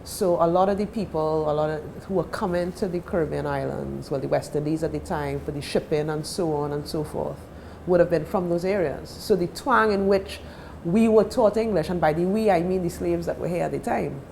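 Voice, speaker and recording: Chatty Trinidadian woman, lowish voice. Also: brisk, gravelly, few pauses, a little mellow, slight background noise. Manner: chatty, storytelling. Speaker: guest. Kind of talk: casual chat. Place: TV studio.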